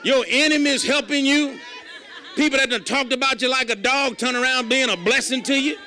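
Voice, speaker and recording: A male pastor preaching in a very high, piercingly bright voice. His delivery is folksy and emphatic, with stories told plainly and lines that climb into shouts. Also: normal speed, a faint crowd. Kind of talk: sermon.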